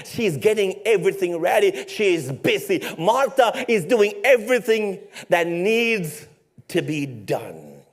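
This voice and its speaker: A man's voice: high-pitched, sing-song, measured pace. A male pastor preaching a sermon in a storytelling way, with rhetorical questions and playful asides to his congregation.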